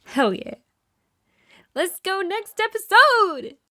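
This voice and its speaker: A woman's voice: extremely high pitch, very animated, takes it slowly, sharp tone, no room sound, clean studio sound. A woman voice actor chatting casually between takes at home, giggly and self-mocking, a little teary. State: teary from emotional scenes. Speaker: voice actor in a fan audio drama. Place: home recording setup at night.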